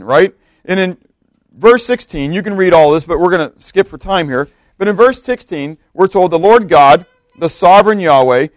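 Heard in studio quality with no room sound, a high-voiced male pastor reads scripture aloud and keeps asking his congregation rhetorical questions as he gives a conversational sermon.

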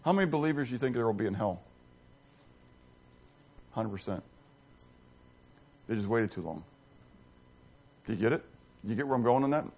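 A man preaching an interactive sermon, quizzing his listeners and swinging between loud emphasis and hushed asides. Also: mid-range voice, normal speed, gravelly, pauses often. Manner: animated, questions the congregation, dramatic swings from loud to hushed. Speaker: pastor.

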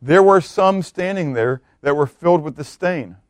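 A man preaching a sermon, swinging from loud emphatic bursts to hushed quiet lines. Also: fairly high pitch, normal speed, no room sound, studio quality.

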